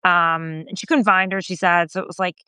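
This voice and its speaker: A woman podcast host and journalist recounting a story in casual conversation, animated and full of fillers, raising her voice when quoting others. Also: brisk, smooth, no room sound. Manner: animated retelling, voicing quoted remarks higher, frequent fillers.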